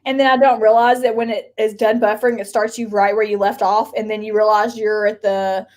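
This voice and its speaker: A woman's voice: medium pitch, level tone, fairly quick. A woman from Kentucky co-hosting a live stream, chatting casually in a rambling way with lots of filler words.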